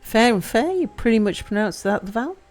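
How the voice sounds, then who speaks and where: A woman's voice: on the high side, big pitch swings, brisk, darkish tone. A woman streaming a game live, chatting casually, reading chat aloud and playing with word sounds. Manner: chatty, reads chat aloud, playful with pronunciation. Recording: faint music behind.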